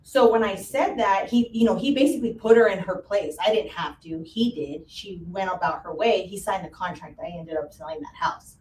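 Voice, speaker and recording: A woman real estate agent shares a story with a room full of listeners. She talks in a lively way, acts out the quotes, and laughs easily. She is heard from a distance, with echo and a faint hiss of room noise around her. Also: mid-range voice, moderate pace, few pauses. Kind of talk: panel talk, telling a story.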